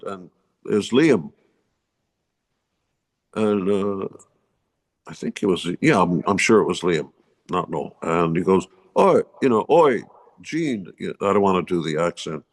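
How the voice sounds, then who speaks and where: A man's voice: low-pitched, normal speed, pauses often. An older man in his seventies, a musician guest telling stories in a blunt, opinionated and profane way. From United States. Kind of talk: casual interview storytelling.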